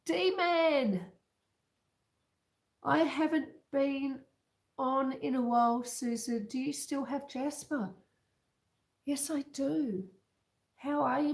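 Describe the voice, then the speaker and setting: A woman hosting a casual home livestream, chatting slowly with viewers and reading out their comments. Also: high voice, darkish tone, reverberant. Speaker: livestream host. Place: home kitchen. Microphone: computer webcam.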